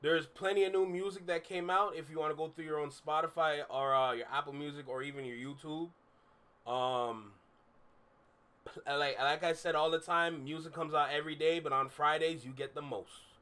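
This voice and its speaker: Bright-voiced young man chatting on stream. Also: fairly high pitch, steady tone, normal speed. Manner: candid, rambling, repeats himself with frequent fillers. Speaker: streamer reacting to music. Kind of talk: casual live-stream chat. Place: his room.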